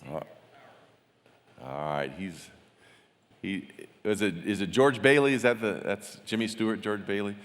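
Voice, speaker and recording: A man teaching a Bible study in a casual, chatty way, often restarting his words and asking the audience questions. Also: on the low side. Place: large hall with a gathered audience. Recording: long hall reverb.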